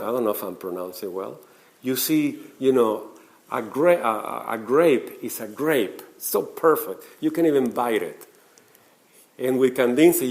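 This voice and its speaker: Animated man lecturing with an accent. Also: medium pitch. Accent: non-native English accent. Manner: animated, emphatic, with repeated questions to the audience; swings between loud stresses and soft asides. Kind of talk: conference lecture.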